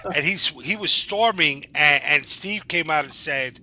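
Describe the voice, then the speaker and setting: A man, joining a live stream as a guest and telling a story in an animated, jokey way. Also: fairly high pitch, measured pace. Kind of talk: casual live-stream chat.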